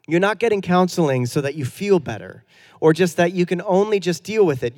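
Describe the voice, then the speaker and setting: A man in his thirties, a pastor giving a sermon in a relaxed, conversational storytelling way with self-deprecating humor. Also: sits high.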